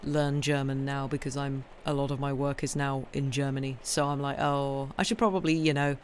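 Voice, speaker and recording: A woman's voice: very deep voice, flat delivery, normal speed, a little hiss or hum. A woman who streams herself reading novels aloud, chatting casually and rambling, full of ums and restarts. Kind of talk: casual chat on a live stream.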